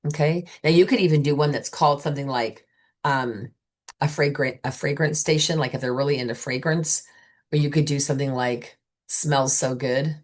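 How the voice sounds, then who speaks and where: A chatty, enthusiastic woman with a low voice talks sales consultants through a booking idea. She is middle-aged and relaxed, and she slips into quick acted-out customer chats. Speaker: sales trainer for beauty consultants. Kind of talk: casual coaching talk.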